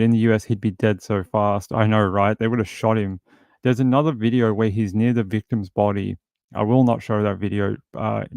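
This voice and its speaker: Gravelly low-voiced man riffing on news. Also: a little mellow, dry recording, clean studio sound. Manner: rambling, wry, mimics people in silly voices. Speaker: true crime show host. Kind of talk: casual commentary on news clips.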